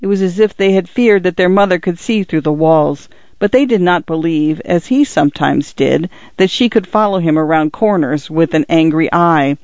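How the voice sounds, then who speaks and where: A man narrating a literary novel as an audiobook, in a measured, expressive reading. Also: on the high side, no echo, lo-fi sound.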